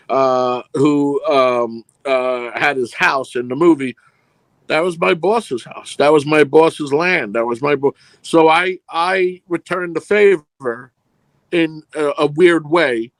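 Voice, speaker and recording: A man's voice: fairly high pitch, measured pace, no room sound. A middle-aged man, a film producer being interviewed, telling long rambling anecdotes and acting out the dialogue in them. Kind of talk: casual storytelling interview.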